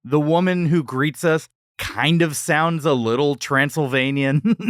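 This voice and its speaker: A man's voice: a little high, unhurried, dry recording, studio quality. A man co-hosting a food podcast, telling the story in a playful, joking way. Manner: playful, animated storytelling with jokes. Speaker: podcast co-host. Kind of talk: casual chat.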